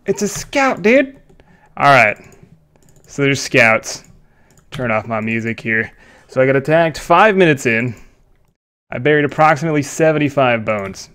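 A young man giving live commentary on his own gameplay, excitable, laughing often and swearing. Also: mid-range voice, a little slow, long pauses. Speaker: gaming YouTuber.

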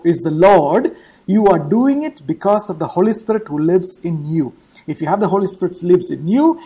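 A woman preaching an online church sermon in a warm, mellow voice with a slightly husky edge. She keeps repeating her key points and pauses to check in with the congregation through quick rhetorical questions. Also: on the low side, rough recording.

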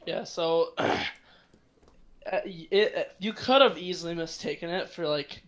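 A man playing a tabletop game, describing his character in a halting, restarting way. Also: fairly high pitch, fairly bright tone. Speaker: player. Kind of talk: casual tabletop narration.

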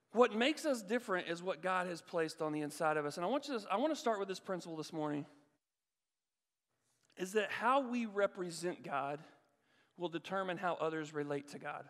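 High-voiced animated man preaching in a hall. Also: vocal fry. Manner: animated storytelling, acts out voices. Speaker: guest pastor. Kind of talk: sermon. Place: church hall. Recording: long reverb of a church hall.

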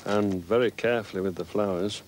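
A man presenting a children's TV show and reading a story aloud in a gentle, expressive way. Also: on the low side, fairly quick, background noise.

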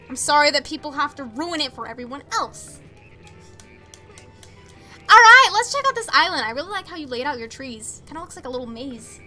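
A woman's voice: high-pitched, sing-song, brisk, pushed and bright, soft background music. A young woman streaming a game, chatting casually with viewers, reading chat aloud and making exasperated asides. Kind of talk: casual live-stream chat while gaming.

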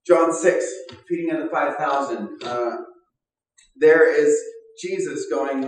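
A man's voice: a little high, slow. A male pastor delivers a sermon in a loose, conversational storytelling style. He keeps slipping into the voices of the people in his stories. His voice carries from a distance through a very echoey church hall.

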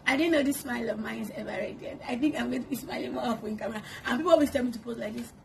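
A woman's voice: a little high, very fast, vocal fry. A woman chatting to camera at home, answering get-to-know-me questions and laughing often. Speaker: vlogger. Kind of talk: casual get-to-know-me chat. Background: kids making noise.

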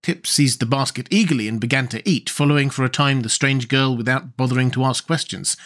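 A man reading an audiobook in an expressive, storytelling manner. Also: medium pitch, a little fast. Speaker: audiobook narrator. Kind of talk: scripted audiobook narration.

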